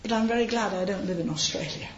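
Preaching informally and fast, a woman tells stories in a chatty way, drifting into frequent asides and light laughs. Her pitch is middling. The recording has a large hall's echo, a slightly muffled tone and a faint background hum.

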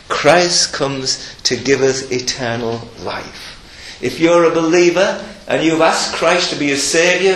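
A man's voice: a little high, fairly bright tone, roomy sound. An older man preaching a sermon, earnest and emphatic, mixing scripture with personal stories.

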